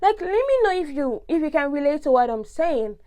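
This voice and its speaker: A woman's voice: sits high, fairly quick. A young woman from Nigeria with a Nigerian accent, talking expressively in a casual vlog monologue. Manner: expressive, ranting, big swings in tone. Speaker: vlogger.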